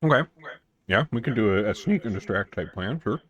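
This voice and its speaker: A man narrating a tabletop game as game master, in a relaxed, easygoing way. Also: lowish voice, brisk, lo-fi sound.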